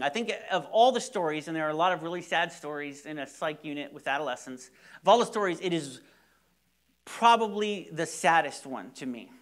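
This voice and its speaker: A man's voice: on the high side, fairly bright tone. A young man preaching a sermon, telling stories animatedly with repeated words and sudden drops to near-whispers. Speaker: pastor.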